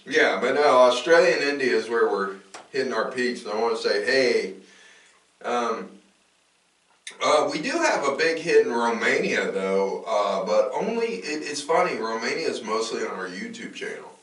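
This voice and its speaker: A man's voice: medium pitch, sing-song, moderate pace, fairly bright tone, roomy sound, recorded from a distance, low-quality recording. A man co-hosting a casual podcast, talking loosely with lots of fillers and restarts. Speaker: podcast co-host.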